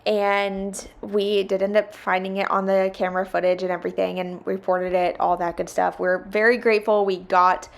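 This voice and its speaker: A woman's voice: mid-range voice, flat delivery, normal speed, creaky, hardly any pauses. A young woman, chatting casually in a home vlog while she cleans, laughing often and venting in exasperation. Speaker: vlogger.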